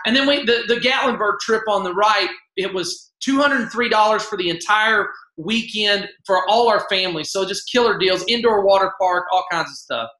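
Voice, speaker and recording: Folksy man with a bright voice. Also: sits high, normal speed, hardly any pauses, reverberant, low-quality recording. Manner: upbeat, folksy, repeats himself. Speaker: co-host of an online sales party. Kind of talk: casual sales pitch.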